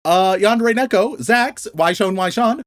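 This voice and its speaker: A man's voice: high voice, a little slow, no room sound, studio quality. A young man co-hosting a podcast, reading out a list of names in a casual, laughing, stumbling way. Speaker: podcast co-host.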